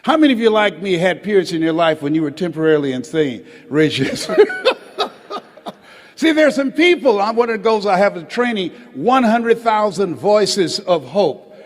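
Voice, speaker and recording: An older American motivational speaker with a high-pitched, very animated voice addresses a live audience in a large auditorium. He uses dramatic pauses and calls for responses, asking people to raise hands and repeat after him, with hall reverb on the recording.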